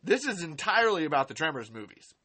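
A deep, slightly rough, somewhat bright female voice races along in a sing-song way. She's hosting a podcast live stream, ranting with anger and sarcasm, swearing profusely and driving her points home by repeating them.

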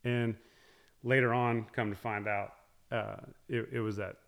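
A middle-aged man in casual conversation, telling a long story with many restarts and soft, trailing asides. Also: medium pitch, flat delivery, measured pace, creaky. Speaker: guest talking about hunting with his daughters.

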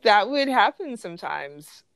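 A woman's voice: mid-range voice, sing-song, unhurried, vocal fry, a bit bright. A young woman from the Los Angeles area, co-hosting a podcast and telling stories in a casual chat with lots of fillers and restarts. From greater Los Angeles area. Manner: chatty storytelling, many fillers and restarts. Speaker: podcast co-host.

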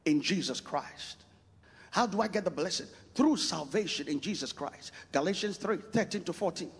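A man preaching a sermon, emphatic and repetitive, shouting out scripture and lists of points. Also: sits high, slightly rough. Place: church. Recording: long reverb of a church hall.

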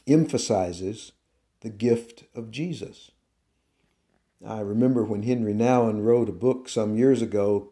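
A man giving a devotional teaching talk on his podcast, slow and deliberate, with an emphatic preaching cadence. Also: medium pitch, dark tone. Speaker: podcast host and Christian teacher.

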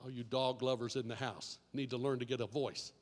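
A man preaching a sermon as pastor, telling a story and then building to shouted repetitions and call-and-response with the congregation. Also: mid-range voice, fairly even intonation, fairly quick. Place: church sanctuary. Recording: long reverb of a large hall.

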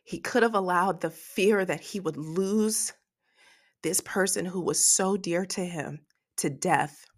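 A woman's voice: lowish voice, slow pace. A woman preaching a devotional podcast sermon, emotional and tearful, praying aloud between her points.

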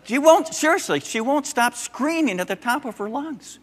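Older pastor preaching in an echoing hall. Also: male voice, very high voice, moderate pace. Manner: animated storytelling, acting out quoted voices. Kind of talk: sermon.

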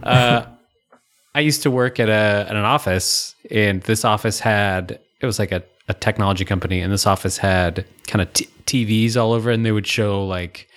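Low-voiced man rambling casually. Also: moderate pace. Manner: rambling, relaxed storytelling with fillers. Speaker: podcast co-host. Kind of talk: casual chat.

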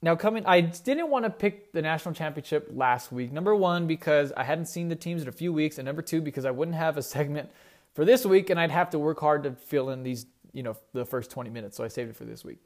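A man's voice: a little high, lively intonation, fast. A young man hosting a casual solo sports talk show, rambling and correcting himself as he goes. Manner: rambling, self-correcting, conversational. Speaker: sports podcast host.

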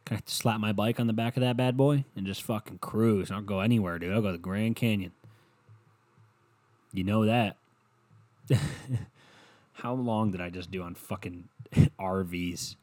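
A man's voice: fairly low pitch, fairly even intonation, moderate pace, long pauses, darkish tone, no echo. A young man hosting a solo comedy podcast, rambling and swearing and laughing at his own jokes. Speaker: podcast host.

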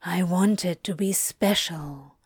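Woman doing a wry demon guy, low and hushed, slow, dry close sound. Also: husky, dry recording. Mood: tender, flustered. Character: wry male demon, tender under the bluster.

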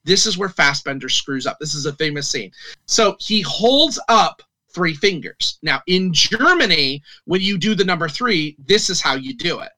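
A man's voice: on the high side, animated, moderate pace, bright, forceful tone. A man casually discussing a film as a podcast co-host, retelling scenes with many restarts and fillers.

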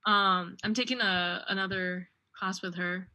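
Young woman on a chill chat show, super bright voice, chatty. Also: medium pitch, fairly even intonation, measured pace. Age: young adult. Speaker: podcast co-host. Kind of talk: casual chat.

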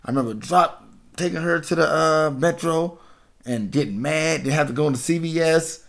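A Washington, D.C. podcast host in his thirties, this man has a voice on the high side with vocal fry and a moderate pace. Chatting casually, he tells a story, swears freely, laughs, and animatedly impersonates the people in it.

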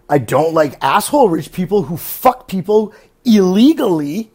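A man's voice: sits high, expressive, moderate pace, darkish tone. A man hosting a casual monologue podcast, blunt and profane, often slipping into mock voices. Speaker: podcast host.

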